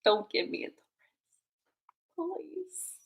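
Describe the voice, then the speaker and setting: A young woman hosting a casual livestream, bubbly and excitable, chatting to her viewers. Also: slow. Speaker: livestream host.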